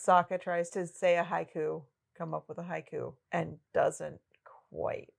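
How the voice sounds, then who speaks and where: Low gravelly-voiced lady cohosting a book podcast, rambly and laughing a lot. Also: flat delivery, measured pace. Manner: chatty, digressive, laughs often. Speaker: podcast co-host. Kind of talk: casual book discussion.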